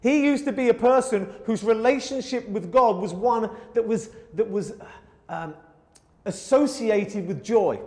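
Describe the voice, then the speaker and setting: A man with a high voice preaches a sermon earnestly. He acts out quoted pleas with a rising voice. Long reverb hangs behind him. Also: expressive, a little slow. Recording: hall reverb.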